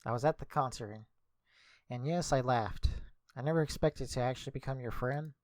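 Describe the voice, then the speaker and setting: A man's voice: mid-range voice, normal speed, dry recording. A young man streaming, reading a visual novel aloud casually, correcting his slips as he goes.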